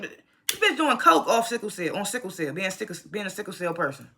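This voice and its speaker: Young adult TV reviewer, bright forceful voice, blunt and profane, ranting casual recap. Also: medium pitch, brisk, gravelly. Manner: animated, rising to loud rants. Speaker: TV show reviewer.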